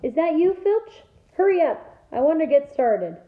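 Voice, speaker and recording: A woman reading aloud doing a rough half-giant gamekeeper, gruff and commanding, with blunt country speech and a raised, lifted pitch. It sounds like a storybook read-aloud in a roomy space, coming through a tinny phone-like line. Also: normal speed, natural voice. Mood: stern. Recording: echoey room over a thin phone-like line.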